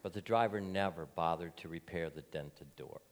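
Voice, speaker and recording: A man preaching as pastor, earnest and deliberate, telling a story in his sermon. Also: sits low, in a large hall. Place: church.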